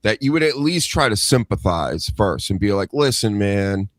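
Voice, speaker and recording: A man hosting a podcast, talking in a profane, animated rant during casual chat. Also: fairly low pitch, normal speed, no room sound, studio quality. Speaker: podcast host.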